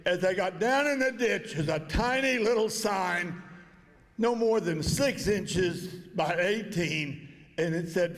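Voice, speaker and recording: An older man with a drawl tells a story in a plain, folksy way, and his voice sits high for a man. He is speaking over a PA in a banquet hall, and the sound carries a long, ringing echo. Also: slow pace. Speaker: inductee giving a speech. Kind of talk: storytelling speech at an awards dinner.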